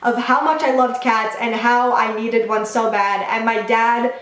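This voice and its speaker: A woman's voice: a little high, fairly even intonation, unhurried, fairly bright tone. Chatty young woman in an echoey room. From Long Island, New York. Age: 20s. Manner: chatty, says "like" often. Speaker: vlogger. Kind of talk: casual storytime vlog.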